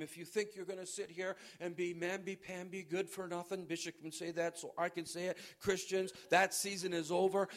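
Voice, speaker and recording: High-voiced forceful male preacher. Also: flat delivery, brisk, hardly any pauses. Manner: forceful, exhorting, reads scripture aloud. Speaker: pastor. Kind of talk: sermon.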